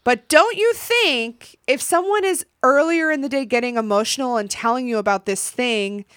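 A young woman hosting a podcast, recapping a reality show in a casual, animated way, swearing and acting out what people said. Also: high-pitched, moderate pace, smooth, no echo, studio quality. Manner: animated, swearing, acts out quotes. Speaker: podcast host.

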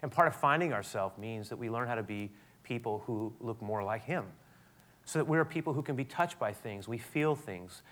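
A man preaching a sermon, animated, building to loud emphatic peaks and dropping to soft tones, often restarting his sentences. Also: medium pitch, moderate pace. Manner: frequent restarts and repetitions. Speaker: pastor.

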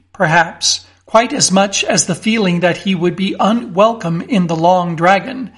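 A male audiobook narrator with a high-sitting voice reads a classic story aloud in a measured, expressive manner.

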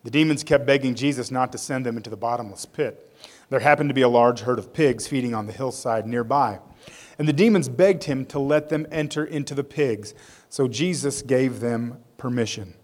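A man's voice: medium pitch, normal speed, darkish tone. A male pastor preaching a sermon. He reads scripture aloud, tells it as a story with casual asides, and leads a prayer.

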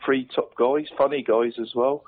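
A man's voice: mid-range voice, steady tone, moderate pace, phone-quality sound. A man co-hosting a podcast in casual chat, matey and laughing often. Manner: matey, laughs often, says mate constantly. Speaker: podcast co-host.

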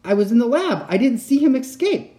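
A man voicing a jovial inventor uncle who talks in a brisk, reassuring way, in a storybook reading. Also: very high voice, very animated, warm tone, pitched above the performer's own voice. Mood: alarmed.

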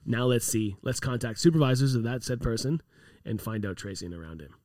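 Profane, animated man telling work stories. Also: medium pitch, a little fast, dry recording, clean studio sound. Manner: animated, profane storytelling with acted-out quotes. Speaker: props crew member on a TV set. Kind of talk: casual chat.

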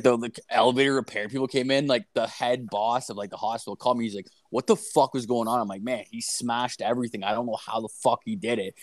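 A man's voice: mid-range voice, no echo. Male podcast co-host, profane storyteller, dry close recording. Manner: profane, rambling anecdotes. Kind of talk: crude casual storytelling.

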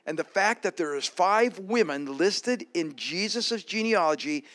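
A man delivers a Sunday sermon in a church. His voice sits a little higher than most men's, and his manner is relaxed and conversational. He often stops to ask the congregation questions. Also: unhurried. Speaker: pastor. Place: church with slides.

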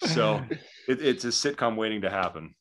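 A man appearing as a podcast guest, joking at his own expense and laughing often. His voice sits somewhat low for a man. The talk is loose and casual. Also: expressive, normal speed, fairly bright tone. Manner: self-mocking, laughs often. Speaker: podcast guest, content creator. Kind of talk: casual chat.

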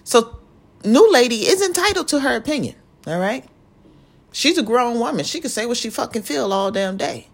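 Young woman vlogger, fairly high voice, profane and emphatic rant, venting straight to camera. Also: expressive, moderate pace, gravelly.

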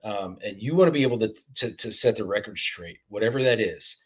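A man co-hosting a casual beer podcast chat, talking in halting bursts with many restarts. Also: on the low side, husky. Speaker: podcast co-host.

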